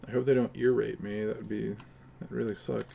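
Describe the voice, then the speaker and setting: A man's voice: on the low side, level tone, brisk, gravelly, dark tone, a little hiss or hum. Joking, rambling streamer man. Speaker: live streamer. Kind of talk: casual live-stream chatter while gaming.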